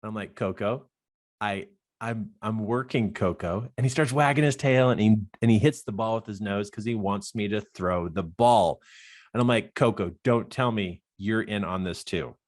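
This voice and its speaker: Speaking at a normal speed in a lowish voice, this man, a life coach, recounts a personal story. He is expressive, laughs a lot, and performs the dialogue.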